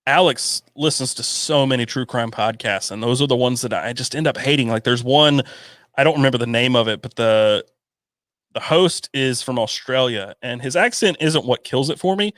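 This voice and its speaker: A man with a faint Southern US accent, co-hosting a podcast in casual chat and ranting with animated energy. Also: mid-range voice, normal speed, no echo, clean studio sound. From Southern US farm town. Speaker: podcast co-host.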